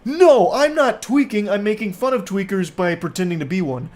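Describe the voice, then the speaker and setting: A shrill, self-righteous forty-year-old man who rants in a high, strained voice and an odd, pinched tone, as a man mocks him. He sounds indignant and whiny, and every line is overplayed. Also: expressive, moderate pace, a little mellow. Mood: smug indignant. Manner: mocking, exaggerated, indignant.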